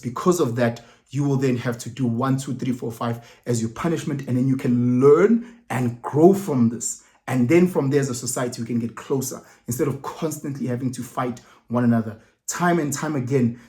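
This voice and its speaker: Animated South African man giving his opinions. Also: mid-range voice, normal speed, hardly any pauses. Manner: animated, repeats words and restarts, mixes in Zulu phrases. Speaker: vlogger commenting. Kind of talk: casual opinion monologue.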